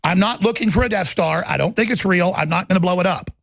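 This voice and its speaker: A man hosting a political talk show, combative and rambling in his monologue, with a gravelly, husky voice. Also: high-pitched, fast, a bit bright, no echo.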